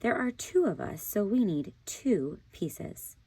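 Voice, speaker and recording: A woman's voice: mid-range voice, sing-song, a little mellow, husky, no room sound, pitched above the performer's own voice, full character voice, rough recording. A woman voicing a fretful young gator girl. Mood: fretting. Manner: fretful, hurried exclamations. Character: young female alligator, anxious and polite.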